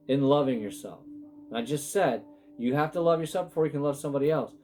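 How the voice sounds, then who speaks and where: A man with a fairly high pitch and darkish tone gives a casual spiritual tarot reading against slight background noise. An adult with sons, he's emotional and rambling, often breaking off mid-sentence and interrupting himself.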